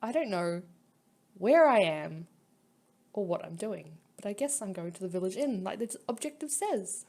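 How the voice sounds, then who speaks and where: A woman's voice: mid-range voice, lively intonation, normal speed, a little mellow. A woman hosting a casual let's-play of a story game, chatty and giggly, reading the dialogue aloud.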